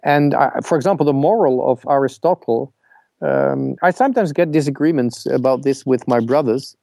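A male caller with a gravelly, creaky voice at a middling pitch, speaking on a call-in show. He talks haltingly, stumbling over repeated words while he hunts for the right phrasing. The sound is dry and close. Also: warm tone, no echo. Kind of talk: casual call-in conversation.

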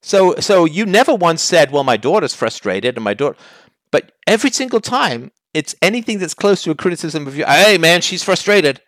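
A man's voice: on the high side, very animated, brisk, dry recording, clean studio sound. A man hosting a call-in advice show, talking bluntly and challenging the caller with heat.

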